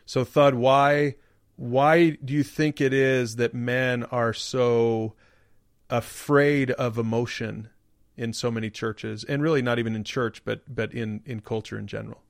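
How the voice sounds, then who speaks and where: A man's voice: medium pitch, steady tone, a little slow, vocal fry, dry recording, studio quality. A man hosting a podcast, asking questions and encouraging his co-host. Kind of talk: casual podcast conversation.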